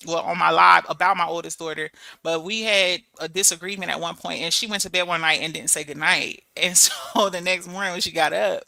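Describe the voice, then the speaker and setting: Bright-sounding woman in her 30s just chatting w her viewers, telling stories, super dry close sound. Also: on the low side, vocal fry, no room sound. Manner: chatty, storytelling, animated with laughs and quoted voices. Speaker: channel host. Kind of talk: casual chat to viewers. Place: abroad in Germany.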